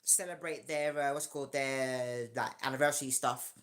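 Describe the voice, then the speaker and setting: A woman from South London with a South London accent, a guest comedian telling loud, animated stories in a casual podcast chat. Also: a bass voice, moderate pace. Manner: loud, animated storytelling with acted-out dialogue.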